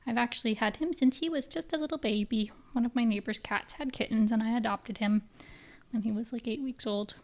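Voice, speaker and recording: A woman's voice: fairly high pitch, brisk, a little mellow. A woman hosting a podcast in casual chat, rambling along with lots of filler words. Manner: chatty, rambling, heavy on "like" fillers. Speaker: podcast host.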